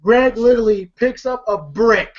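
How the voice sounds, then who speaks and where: Here a man with a high, animated voice talks at an ordinary pace, loosely retelling a movie scene as a reviewer. He swears, laughs a lot and fills the gaps with fillers, and the recording sounds lo-fi and muffled.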